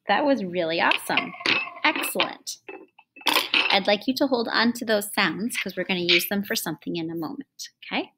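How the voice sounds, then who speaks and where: A woman's voice: mid-range voice, background noise. Encouraging woman music teacher. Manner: patient, encouraging, slows right down for chanted lines. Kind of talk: online classroom lesson for children.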